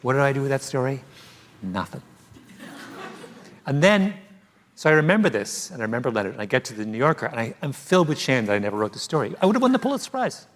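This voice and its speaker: Author on stage, lively storyteller with a very expressive, swinging pitch. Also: male voice, fast talker, slight background noise. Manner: animated storytelling, laughs often. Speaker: author being interviewed. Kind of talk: live stage conversation. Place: theater stage before an audience.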